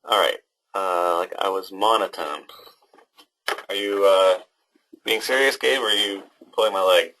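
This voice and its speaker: A young man runs a webinar for students, reading their questions and answering in a loose, unscripted way. He hesitates often, filling gaps with ums and starting sentences over. His voice sits a little low and comes through a computer microphone. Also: a little slow, long pauses, pushed and bright, slight background noise, low-quality recording. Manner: hesitant, many ums and restarts. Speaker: online class instructor. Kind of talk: casual webinar talk to students.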